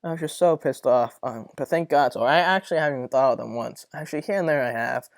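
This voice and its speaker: A man's voice: medium pitch, fast talker, gravelly, dry recording. A young man hosting his own podcast, venting in a rambling, profane, exasperated way about his dorm roommates. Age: young adult. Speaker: podcast host. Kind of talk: casual solo podcast rant.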